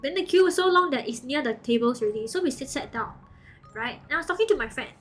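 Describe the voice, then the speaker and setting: A young woman talks fast to her stream chat in a high, bright voice, telling stories casually. She's animated and giggly, repeatedly checking in with "okay" and "like," while soft music plays faintly behind her.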